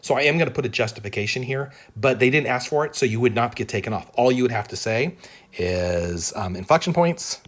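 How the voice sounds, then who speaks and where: A man's voice: mid-range voice, expressive, brisk. A man teaching an exam-prep calculus lesson, thinking aloud as he works through the problem and often checking in with "right?". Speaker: math teacher.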